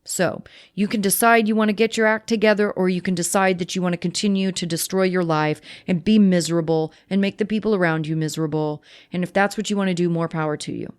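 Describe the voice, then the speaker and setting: A woman's voice: fairly low pitch, fairly even intonation, fast talker, hardly any pauses, clear, resonant tone. A woman hosting a sobriety podcast, talking bluntly and with emphatic repetition, giving tough love and swearing freely. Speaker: podcast host, sobriety coach. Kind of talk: direct motivational talk.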